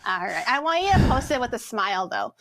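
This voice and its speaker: A woman chatting playfully on a stream, teasing and giggling as she talks. Her voice sits a little high and swings up and down with a lot of energy. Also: sing-song, quick pace, over a noisy crowd. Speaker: vtuber streamer. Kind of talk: casual chat on a collab stream.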